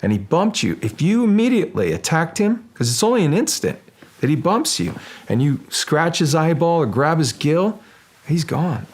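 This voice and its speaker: A man speaking as a guest in an interview, halting and restarting, then animated when telling stories. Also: a little high, husky. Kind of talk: casual interview talk.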